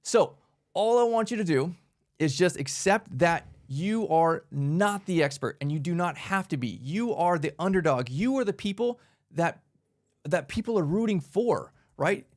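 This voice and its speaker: A man hosting a motivational business workshop, talking in a casual, energetic way and often tagging lines with "man" and "right?". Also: fairly high pitch, a little slow. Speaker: workshop host.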